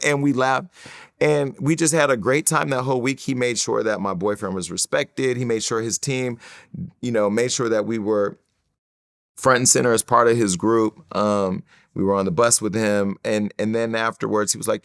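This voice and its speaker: A middle-aged man, a guest in an interview, telling stories in an animated way, cursing freely and acting out other people's lines. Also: mid-range voice, a little fast, gravelly, clean tone, no echo, clean studio sound. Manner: animated storyteller, swears freely, acts out quoted voices. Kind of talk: storytelling in an interview.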